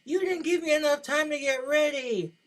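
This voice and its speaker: A man voicing a fussy, sulky wife in a high, whining voice. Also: normal speed, a bit bright, distant mic. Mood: whiny.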